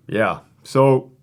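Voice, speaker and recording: Speaking as a man who used to be a prison guard, he recounts a story in a blunt, conversational way, laced with profanity and fillers such as "like" and "right?".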